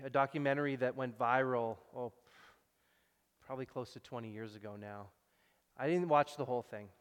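A man preaching a sermon in a relaxed, conversational way, acting out quotes and adding wry asides. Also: medium pitch, clear, resonant tone. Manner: conversational, acts out quotes, self-deprecating asides. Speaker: pastor. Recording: long reverb in a large hall.

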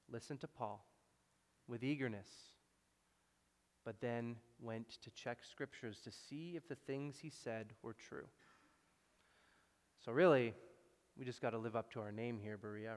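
A man preaching a sermon in a relaxed, conversational way, acting out quotes and adding wry asides. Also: medium pitch, a little slow, long pauses. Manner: conversational, acts out quotes, self-deprecating asides. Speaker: pastor. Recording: long reverb in a large hall.

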